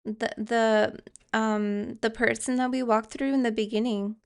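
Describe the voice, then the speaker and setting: A woman's voice: on the high side, level tone, measured pace, creaky, a little mellow, clear, resonant tone. A woman giving a tarot card reading, speaking hesitantly with fillers and restarts and reassuring viewers directly. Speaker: tarot reader.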